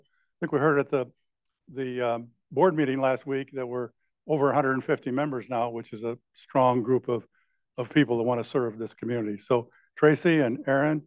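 A man's voice: mid-range voice, darkish tone, no echo. A man presiding over a club meeting, making announcements in a loose, chatty way with joking asides.

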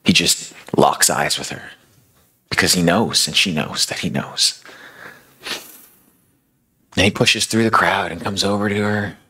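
A man's voice: sits low, measured pace, long pauses, bright, forceful tone, breathy edge. A male preacher retelling a story in a sermon, conversational and dramatic, with casual fillers.

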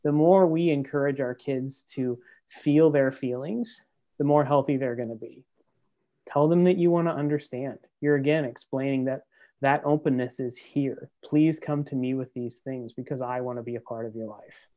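A man's voice: medium pitch, fairly even intonation, normal speed. A man giving a webinar talk to parents, in a direct, encouraging manner. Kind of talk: practical talk. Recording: dull lo-fi webinar audio.

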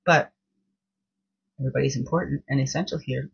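A woman with a bright, slightly husky voice reads short reflections and chats around them in a loose, homey way. The recording sounds dull and muffled. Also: lowish voice, expressive, normal speed. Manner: warm, chatty, repeats words, talks to her cat. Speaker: host of a daily reflection show. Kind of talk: casual spoken reflection reading.

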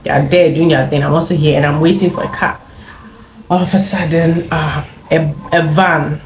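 A woman's voice: sits low, steady tone, normal speed, background noise. A young woman from Ghana, a YouTuber telling a casual story-time tale, chatty and rambling with many fillers and laughs. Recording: echoey room with faint ambience.

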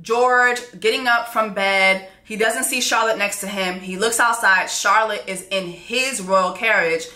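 A woman recapping a TV show in a brash, animated manner, swearing freely as she goes. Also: medium pitch, measured pace, hardly any pauses. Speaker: show reaction host. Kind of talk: profane TV recap commentary. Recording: echoey room.

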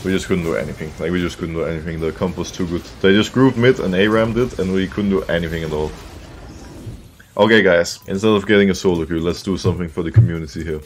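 Low-voiced man streaming a game. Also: quick pace, a little hiss or hum. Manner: excitable, laughing, talks to chat. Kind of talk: casual live game commentary.

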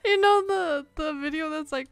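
A woman's voice: sits high, moderate pace, creaky, no room sound. A woman streaming a shooter game, egging her teammates on with giggles. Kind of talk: casual gaming stream chat. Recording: music playing behind voice.

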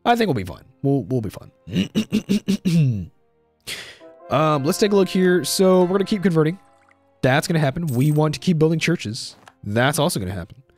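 A man's voice: a little high, lively intonation, brisk, soft background music. A young man giving casual let's-play commentary on a strategy game, thinking aloud, repeating himself and saying "dude".

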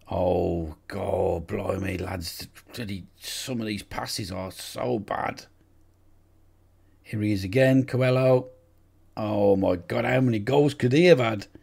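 A man talks through a football management game in a rough, gravelly voice with a dark, husky tone. He is excitable and swears freely, shouting encouragement and complaints at players who cannot hear him. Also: deep voice, slow. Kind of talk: casual live game commentary.

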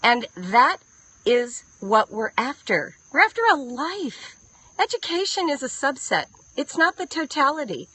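A woman's voice: sits high, big pitch swings, a little slow, sharp tone, dry recording, poor audio. A woman in her fifties giving an earnest, emotional live-streamed talk to homeschooling parents, repeating her key lines for emphasis. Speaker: homeschool writing coach. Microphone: phone close up.

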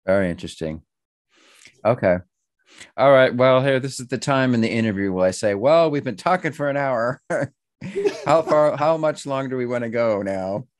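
A man's voice: mid-range voice, expressive, moderate pace. A man hosting a casual interview, joking around and teasing his guest with mock-tough banter. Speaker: interview host.

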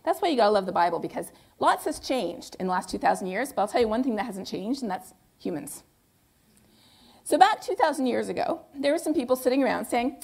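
A woman delivering a public lecture in a fairly high voice. She is conversational and emphatic, and she keeps posing rhetorical questions and then answering them herself. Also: big pitch swings, brisk, vocal fry, darkish tone, slightly rough. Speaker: guest lecturer.

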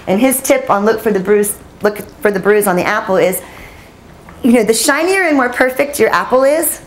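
Woman in her 40s, journalist speaker, chatty and self-mocking, mid-pitched, talking to a roomful of people. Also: a little hiss or hum. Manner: chatty, self-deprecating, laughs often. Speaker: journalist giving a talk. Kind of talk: storytelling conference talk. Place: audience room.

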